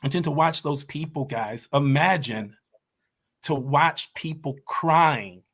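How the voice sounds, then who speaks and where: A man's voice: fairly high pitch, slow, fairly bright tone. A man as a podcast guest, telling stories about his martial arts team with passion and emphasis. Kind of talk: conversational storytelling.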